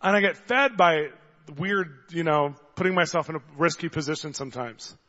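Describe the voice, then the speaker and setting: A man preaching a sermon, telling stories in an animated way, acting out the voices of the people in them and getting loud at times. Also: fairly high pitch, moderate pace. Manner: animated storyteller, acts out voices, gets loud. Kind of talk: sermon with storytelling. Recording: dull long hall reverb.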